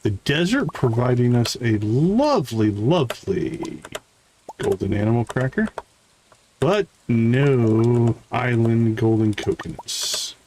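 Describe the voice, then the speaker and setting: A man with a Midwestern American accent and a mid-range voice takes his time commenting on his farming game to stream chat, relaxed and chatty. The low-quality recording has slight background noise.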